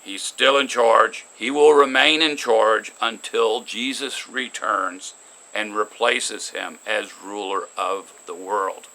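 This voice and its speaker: A man's voice: fairly low pitch, slow, bright, forceful tone, poor audio. A man giving an unscripted opinion monologue as an online commentator, rambling with many restarts and fillers and turning earnest when he cites scripture.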